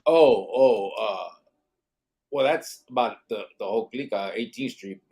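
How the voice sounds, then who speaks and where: A man's voice: on the low side, moderate pace, slightly rough. Male podcast host, reads chat comments, laid-back banter. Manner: reads viewer comments aloud, drops in Spanish slang. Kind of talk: casual live-stream chat reading comments.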